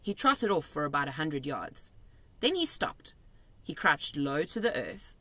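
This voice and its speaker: A woman reading a children's book aloud, expressive and dramatic on the exciting moments. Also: deep voice, a little slow, no echo. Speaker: storybook reader.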